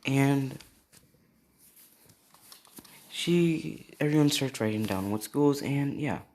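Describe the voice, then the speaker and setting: A man's voice: mid-range voice, animated, slow, a little mellow. A young man improvising a fan story, rambling with lots of fillers.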